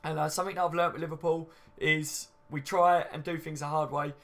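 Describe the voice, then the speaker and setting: Gravelly-voiced man chatting on a livestream. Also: on the high side, level tone, brisk, a bit bright. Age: late 20s. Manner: chatty, matey, swears casually, says "you know what I mean" a lot. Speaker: fan channel livestream host. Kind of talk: casual live chat reading viewer comments.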